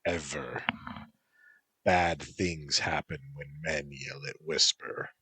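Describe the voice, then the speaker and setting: A man voicing a gruff, teasing male tengu bodyguard who speaks in a dry, mocking, unhurried way, in a storybook reading. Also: a bass voice, fairly even intonation, sharp tone, no room sound, full character voice.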